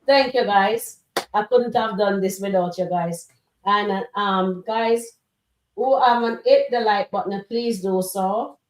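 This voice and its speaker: A woman's voice: medium pitch, slow, echoey room. A woman hosting a live reaction stream, chatting casually and speaking straight to her viewers. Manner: chatty, addresses the chat directly.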